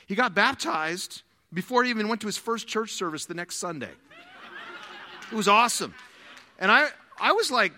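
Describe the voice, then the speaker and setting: A man preaching a sermon, telling stories with animated quoted dialogue. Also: high-pitched, moderate pace, in a large hall. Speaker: pastor.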